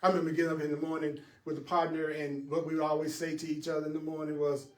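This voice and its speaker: High-voiced, emphatic man teaching in an echoey room. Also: flat delivery, fast talker, a little mellow, recorded from a distance. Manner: emphatic, laughing, talks straight to the audience. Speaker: spiritual teacher. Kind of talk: teaching a class.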